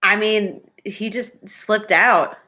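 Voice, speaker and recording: A woman's voice: mid-range voice, slow pace, pushed and bright. A woman voicing a teenage girl under questioning who answers in a dismissive, evasive way. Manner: dismissive, shrugging.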